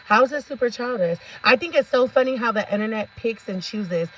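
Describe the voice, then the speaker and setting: A woman's voice: on the high side, lively intonation, brisk, few pauses, a little hiss or hum, rough recording. A woman vlogger giving sassy, ranting commentary, laughing often and talking straight to her viewers.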